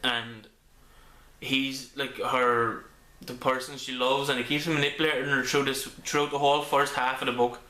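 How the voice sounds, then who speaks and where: A man's voice: medium pitch, level tone, normal speed, pushed and bright. A man reviewing a comic book in a casual video, rambling with many ums and restarts. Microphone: camera mic. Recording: echoey room.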